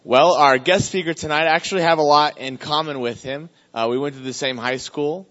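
A man casually introducing a guest speaker to a church group, joking and relaxed. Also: on the high side, brisk, dull audio.

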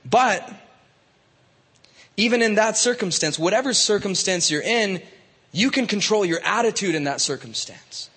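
A man's voice: high-pitched, expressive, normal speed, pauses often, fairly bright tone, breathy edge, big-room sound. A man preaching to young people in a casual, conversational way, with many fillers and restarts. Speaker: youth pastor. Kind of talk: youth sermon.

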